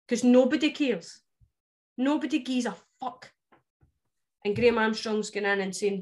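A woman's voice: fairly high pitch, unhurried, pauses often. A woman with a West Coast Scottish accent, co-hosting a podcast in casual chat, emphatic and blunt, swearing freely. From West Coast of Scotland. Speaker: podcast co-host.

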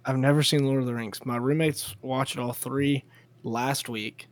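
A man's voice: medium pitch, measured pace. Laid-back young man co-hosting a podcast. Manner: relaxed, offhand, uses like often. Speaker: podcast co-host. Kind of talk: casual podcast chat.

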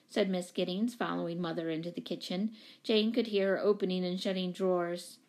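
A woman reading a children's novel aloud in a calm, even storytelling voice. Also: lowish voice, brisk. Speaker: audiobook reader.

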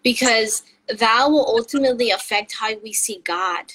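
A woman's voice: a little high, moderate pace, a bit bright, low-quality recording. A woman co-hosting a casual faith podcast, earnest and encouraging, laughing often. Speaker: podcast co-host.

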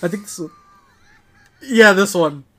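Young guy co-hosting a podcast, bright voice, rambly and excited, lots of ums. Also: high voice, a little slow. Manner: rambling, enthusiastic, many fillers. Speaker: podcast co-host. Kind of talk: casual chat.

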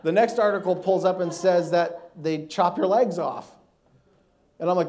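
During a sermon full of laughter, a guest preacher in his thirties tells a funny personal anecdote with animation, his voice high-pitched and moderately paced.

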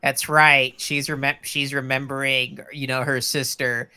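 A man's voice: medium pitch, level tone, measured pace, sharp tone, clean tone. A man co-hosting a comedic movie podcast, rambling and joking with many fillers. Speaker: podcast co-host. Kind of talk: casual comedic movie chat.

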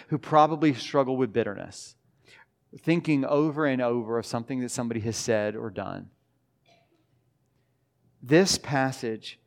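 A man preaching a sermon to his church in a relaxed, conversational way. His voice sits at a middling pitch, and he slows down to stress key lines and often trips over restarts. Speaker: pastor. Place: church sanctuary.

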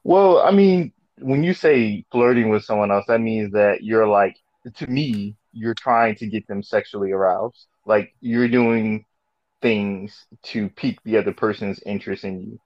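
Male co-host, direct and matter-of-fact, lower voice, dull dry recording. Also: measured pace, no echo. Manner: direct, defining terms. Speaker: podcast co-host. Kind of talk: casual chat.

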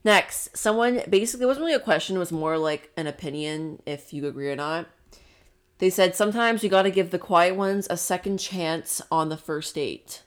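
A woman's voice: fairly low pitch, moderate pace. A young woman co-hosting a podcast, talking frankly and casually with plenty of "like" and some swearing. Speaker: podcast co-host. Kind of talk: casual chat.

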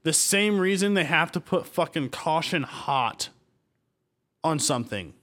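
A man's voice: a little high, animated, measured pace, fairly bright tone. A man chatting crudely and casually as a podcast co-host, hesitant and swearing a lot.

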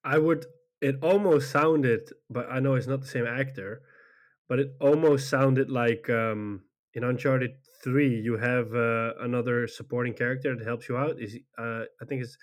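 A man in casual chat about games and films, easygoing and agreeable, often pausing with "uh" and restarting. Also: mid-range voice, steady tone.

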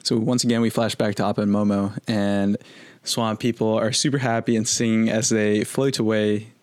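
Low-voiced man recapping a show. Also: level tone, moderate pace, a little mellow, dry recording. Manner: conversational, loose with fillers. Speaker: podcast co-host. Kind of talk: casual episode recap chat.

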